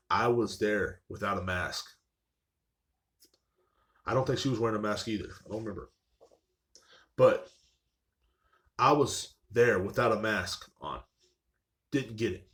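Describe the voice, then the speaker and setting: A man talks in a loose, rambling rant on his own live-streamed podcast, swearing constantly. His breathing is labored and audible, and his pitch sits in the ordinary middle range for a man. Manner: profane, rambling, mocking. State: short of breath. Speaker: podcast host. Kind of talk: casual rant. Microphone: live stream mic.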